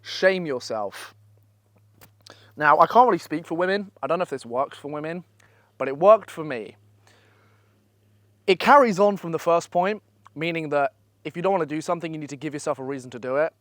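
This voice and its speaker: A young man gives blunt, profane, energetic motivational advice in a casual vlog, speaking at a holiday villa. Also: a little high, a little fast, long pauses, no echo, studio quality. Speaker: online business coach.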